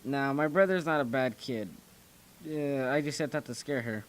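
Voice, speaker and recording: A man's voice: mid-range voice, normal speed. Rambling young man telling school stories. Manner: rambling, with frequent restarts. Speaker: channel host. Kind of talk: casual storytelling commentary.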